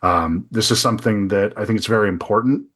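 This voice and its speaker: Earnest low-voiced male podcast host. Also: fairly quick, fairly bright tone. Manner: earnest, thinking aloud with many restarts. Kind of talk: casual interview conversation.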